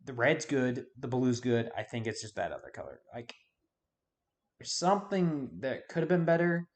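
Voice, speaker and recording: A man's voice: mid-range voice, big pitch swings, moderate pace. A man giving casual video game commentary, rambling and forgetting names with self-deprecating asides. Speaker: YouTube host.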